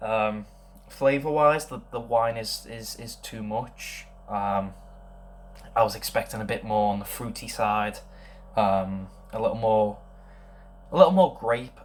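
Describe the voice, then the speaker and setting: Musing aloud over a beer, a young guy offers a laid-back tasting review full of pauses and wandering thoughts. The audio sits low, with slight background hiss or hum.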